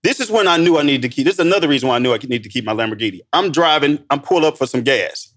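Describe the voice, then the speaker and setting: An excited man telling stories on a podcast, calling his host "bro" again and again. He acts out what others said in a sudden higher voice, then drops back to an everyday pitch. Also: very fast. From Missouri, United States. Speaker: guest entrepreneur. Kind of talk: animated podcast storytelling.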